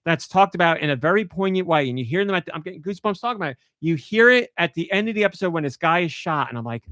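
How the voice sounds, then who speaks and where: A podcast host rants about a pet peeve in casual chat, telling it animatedly and acting out his own outbursts and reactions. His voice is a little high and he races along, recorded at studio quality with no echo.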